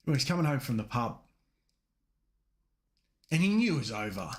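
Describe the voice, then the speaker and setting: A man's voice: mid-range voice, sing-song, normal speed. An Australian man co-hosting a casual podcast, telling rambling anecdotes and acting out quoted voices. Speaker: podcast co-host. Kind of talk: casual chat, storytelling.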